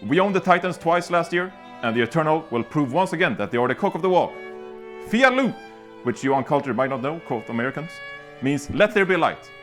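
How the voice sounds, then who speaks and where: A man's voice: fairly high pitch, animated, fairly quick, fairly bright tone, soft background music. A man playing a boastful fake French fan, talking through his nose in a put-on French accent. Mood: snooty boastful. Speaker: comedic fan correspondent.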